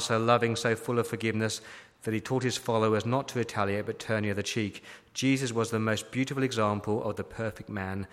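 A pastor preaches a sermon emphatically, repeatedly asking rhetorical questions. His voice is on the low side with a bit of brightness. A long hall reverb surrounds the recording.

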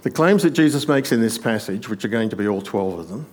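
A man preaching a sermon, explaining a passage point by point and often dropping to a quiet aside. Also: fairly low pitch, lively intonation, fast talker.

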